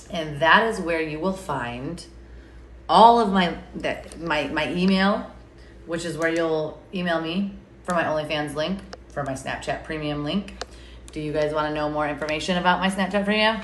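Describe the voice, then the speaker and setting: A woman's voice: low voice, fairly bright tone. A woman chatting casually on a live stream, rambling and sarcastic and swearing freely. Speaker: TikTok creator. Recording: echoey room, faint background noise.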